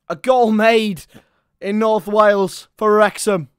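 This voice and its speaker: A man giving live football commentary, chatty with listeners and bursting into shouts at chances and goals. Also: high-pitched, steady tone, slow pace, smooth, no room sound, clean studio sound.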